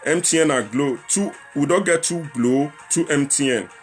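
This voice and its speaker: A man's voice: fairly high pitch, moderate pace, faint music behind. Young Nigerian man hosting a livestream. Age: young adult. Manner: chatty, repetitive, mixes Pidgin slang, appeals to viewers. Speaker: livestream talk show host. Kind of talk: casual livestream chat.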